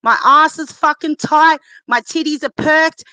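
A woman argues furiously on a live call, swearing and hurling insults. Her voice sits high, and the close mic sounds dry, with no room sound. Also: unhurried, pushed and bright, no room sound, low-quality recording. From Australia. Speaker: caller. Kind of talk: heated live-stream argument.

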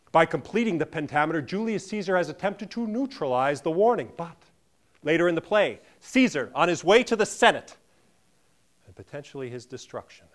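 Deadpan theatrical man lecturing on stage. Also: brisk. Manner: deadpan, theatrical, swings from booming declamation to hushed murmurs. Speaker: solo stage performer playing a lecturer. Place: theatre stage before a live audience.

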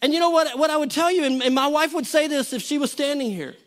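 In a church auditorium, a middle-aged pastor delivers a sermon in a voice unusually high for a man, a bit bright and fast. His style is folksy storytelling, and he stumbles and restarts phrases along the way.

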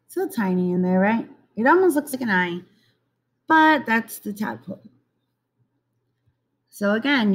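A woman teacher giving a recorded reading lesson for young children, repeating each word slowly and coaxing them along. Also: medium pitch. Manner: slow, drawn-out word repetition, coaxing.

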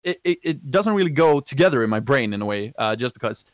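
A young man from Sweden, talking in accented English with a friendly, soft voice. He wanders through his answers with many fillers and self-corrections, and the sound is dry and close. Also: mid-range voice, animated, fast talker, no echo. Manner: rambling with many fillers and restarts. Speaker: guest, Japanese learner. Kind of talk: casual video call chat.

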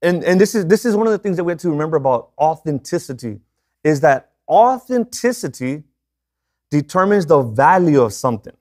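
Guy pastor preaching, kinda high voice, super conversational, keeps checking in with people. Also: very animated, a little fast, darkish tone. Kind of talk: sermon.

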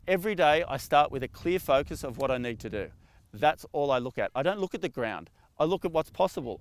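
A man's voice: sits high, smooth, no room sound. A man with an Australian accent giving an upbeat motivational talk to camera outdoors by the beach. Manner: upbeat, repetitive, coaching questions. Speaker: motivational vlogger, real estate agent.

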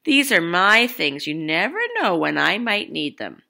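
A woman voicing a cheerful old grandpa who keeps all his things, read gently from a storybook. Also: fairly low pitch, sing-song, measured pace, creaky, heavily acted.

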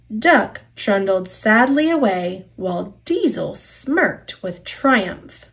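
A woman reading a children's picture book aloud, expressive and deliberate. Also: mid-range voice. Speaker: storybook narrator.

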